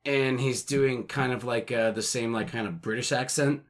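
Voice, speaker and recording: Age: unknown. Sex: man. Pitch: average. Style: rambling, animated casual podcast chat with some swearing. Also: normal speed. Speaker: podcast co-host.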